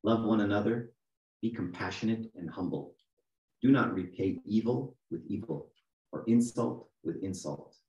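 A man's voice: fairly low pitch, a little slow, darkish tone, highs cut off. A middle-aged man preaching a conversational sermon as archdeacon, often checking in with the congregation. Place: church. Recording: echoey room, mic from a distance.

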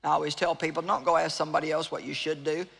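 A woman's voice: low voice, level tone, fast talker, vocal fry, a bit bright, breathy edge. A woman preacher giving an evangelistic sermon to a live audience in a large hall, earnest and pleading, repeating phrases for emphasis. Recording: long reverb of a large hall.

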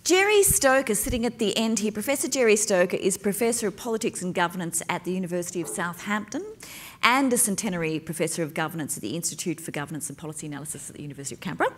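A woman's voice: lowish voice, very fast. A woman moderating a university panel on stage, reading out guest bios with playful asides. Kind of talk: live panel introduction.

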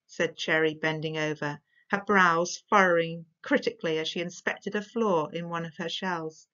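A woman reading a storybook aloud as storyteller, measured and expressive. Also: lowish voice. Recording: dull lo-fi recording.

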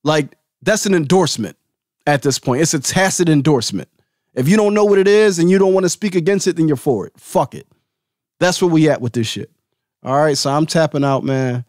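A man hosting a solo podcast, giving a heated, profane and confrontational rant that now and then drops to a low, calm voice. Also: brisk, dry recording, studio quality. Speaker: host.

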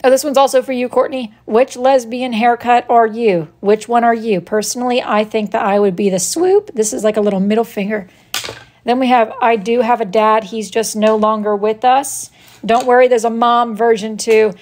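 A woman's voice: a little high, fairly even intonation, normal speed, a little mellow. A woman hosting a casual live stream, playfully reading out joke slogans from her crafts and teasing viewers by name. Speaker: live-stream host showing her wood-burned crafts.

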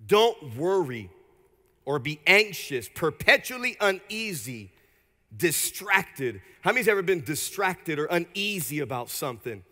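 A man pastor preaching an energetic sermon in a church, leading the congregation in call-and-response. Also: a little high, measured pace, in a large hall. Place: church sanctuary.

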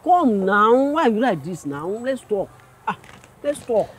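A man's voice: high-pitched, sing-song, a little slow, a bit bright, a little hiss or hum, full character voice. An actor with a Nigerian accent playing an older man motorist who stammers and pleads with a police officer in a comedy skit. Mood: pleading.

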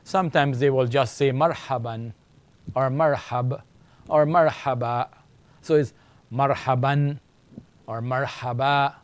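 A middle-aged man teaching an Arabic lesson, speaking slowly and repeating words for learners. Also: medium pitch, fairly even intonation, no echo. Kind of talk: classroom language lesson.

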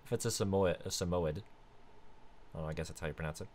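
A man hosting a casual let's-play, chatting through his game and now and then bursting into excited high squeals. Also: racing, a little hiss or hum. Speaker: gaming video host.

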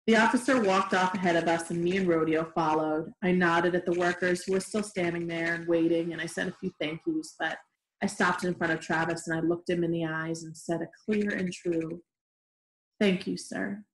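A woman reading a novel aloud in a steady, gentle way, in an echoey room. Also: on the low side, a little fast, slight background noise. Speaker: reader. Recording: roomy echoey room recording.

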